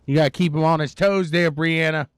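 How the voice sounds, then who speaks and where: High-voiced, excitable male race commentator. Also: brisk, smooth, dry recording. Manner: energetic, chatty, jokes with chat viewers. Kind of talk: live sim racing commentary.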